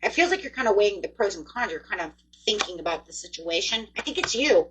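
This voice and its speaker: A woman giving a casual tarot reading, chatty and excitable, talking straight to her viewers. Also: mid-range voice, quick pace, slight background noise, poor audio. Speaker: tarot reader.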